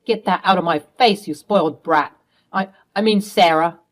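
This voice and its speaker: A woman's voice: fairly low pitch, moderate pace, lightly acted. A woman voicing a scheming middle-aged stepfather who stammers and snaps defensively.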